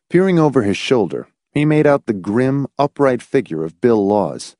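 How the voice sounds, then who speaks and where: Male narrator, suspenseful audiobook read, very lively pitch, dry close sound. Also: unhurried, hardly any pauses, no room sound. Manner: dramatic, suspenseful storytelling.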